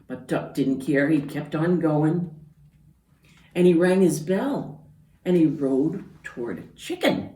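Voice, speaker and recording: A woman's voice: sits low, animated, takes it slowly, dark tone. A woman librarian reading a picture book aloud to children, pointing out the pictures as she goes. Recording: roomy, from far off.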